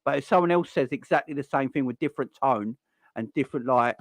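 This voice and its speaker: On his fan channel's live stream, a young man fires off a fast football rant, exasperated and repetitive, with occasional swearing. He has a mid-range voice and there's no room sound.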